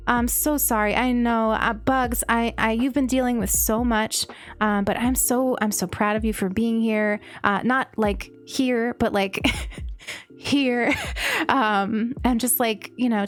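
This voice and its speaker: A gentle, heartfelt woman streamer chats softly with her viewers and reads their messages aloud, pausing often with ums. Her voice sits a little high. Faint game music plays behind her. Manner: soft-spoken with many ums and pauses. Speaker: Twitch streamer reading chat. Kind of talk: casual livestream chat.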